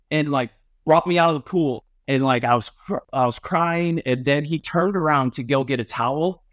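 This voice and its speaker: A man from upstate New York, a podcast guest, telling stories in a relaxed way with lots of ums and likes. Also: mid-range voice, no echo, studio quality. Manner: laid-back, many ums and likes. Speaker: podcast guest, former Olympic swimmer. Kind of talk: casual storytelling chat.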